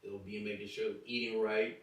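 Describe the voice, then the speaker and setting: A man's voice: fairly low pitch, little pitch movement, moderate pace, very echoey, distant mic, noisy background. A man co-hosting a casual chat with his wife, speaking in a laid-back, playful way. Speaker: podcast co-host.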